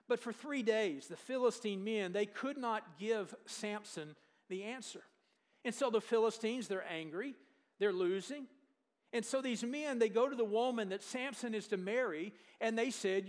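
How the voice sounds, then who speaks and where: A male preacher with a notably high voice delivers a sermon. He retells the scripture story in a lively way, asking the congregation questions and dropping in jokes as he goes. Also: normal speed.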